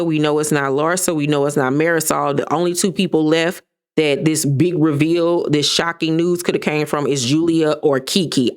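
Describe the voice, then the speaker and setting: A woman's voice: sits low, smooth. A woman in her thirties giving a sassy, gossipy casual recap of a reality show, sometimes mimicking the cast. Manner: sassy, gossipy, animated impressions of cast members.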